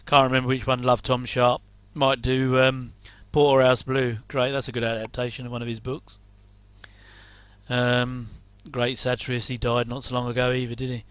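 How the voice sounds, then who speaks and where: A man's voice: medium pitch, monotone, moderate pace, clean tone, no echo. A middle-aged English man rambling casually through a reaction commentary, with chatty, self-deprecating asides. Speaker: host.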